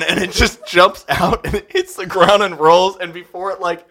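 A young man in casual comedic chat, telling stories in an animated way, acting out quotes and swearing freely. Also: on the high side, normal speed, few pauses.

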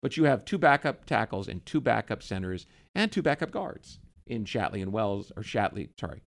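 A man co-hosting a sports talk show, arguing his view on players in a lively, opinionated way. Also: fairly low pitch, gravelly. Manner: lively, opinionated, quick to push back. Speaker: sports radio co-host.

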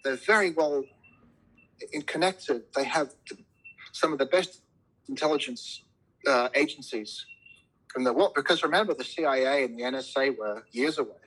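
Bright, husky-voiced opinionated man. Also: mid-range voice, normal speed, pauses often, low-quality recording. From immigrant to a Commonwealth country. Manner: opinionated, rambling, profane, frequent restarts. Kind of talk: casual podcast chat.

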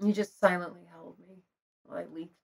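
A woman's voice: on the low side, steady tone, a little fast, gravelly, darkish tone. Middle-aged woman spilling her story, open and emotional, laughs a lot. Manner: candid, emotional, laughs often. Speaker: guest telling her story. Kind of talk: personal storytelling in conversation.

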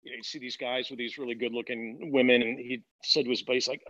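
A middle-aged man, a guest in a conversational interview, telling candid, animated stories and quoting people in lively voices. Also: medium pitch, fast, no room sound, muffled recording. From United States.

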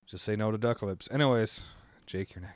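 A man with a lowish voice trades teasing banter as a podcast co-host. His sound is dry and close, with no room echo. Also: brisk. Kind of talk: casual chat.

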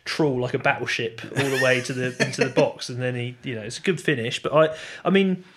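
A man's voice: mid-range voice, fairly quick, a bit bright. A man co-hosting a casual football podcast, hesitant, with many restarts, laughing easily. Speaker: podcast co-host.

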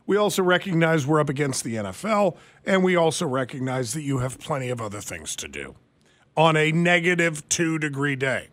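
A man hosting talk radio in a chatty, easygoing way. His voice sits a little high for a man, and he tends to stumble and repeat words as he goes. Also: very animated, a little fast, fairly bright tone. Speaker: radio host.

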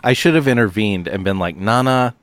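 A man's voice: on the low side, fairly quick. A man co-hosting a comedy podcast, laid-back with short remarks. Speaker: podcast co-host. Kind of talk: casual chat.

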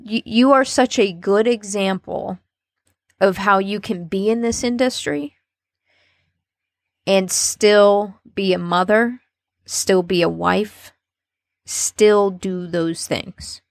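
Slow-speaking woman podcast host. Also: mid-range voice, dry recording, clean studio sound. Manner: slow, reflective, warm affirmations. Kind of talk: interview.

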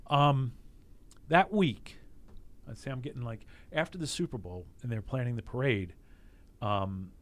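A man's voice: medium pitch, measured pace, long pauses. A middle-aged man giving a candid, emotional interview on a podcast, reflecting with frequent restarts. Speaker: interview guest, former team executive.

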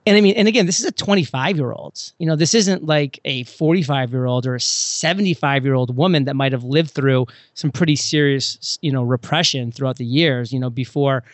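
A man talking casually on a podcast, an animated storyteller who acts out scenes with sudden jumps in pitch. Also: fairly quick, hardly any pauses, no echo. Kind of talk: casual conversation.

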